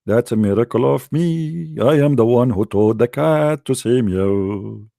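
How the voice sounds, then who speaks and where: A man voicing a boastful, petty male god in mockery, drawing out each word slowly and pompously in a gravelly voice. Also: medium pitch, dark tone, dry recording, clean studio sound, voice pushed down. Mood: mocking, pompous. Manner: slow, drawn-out mocking delivery.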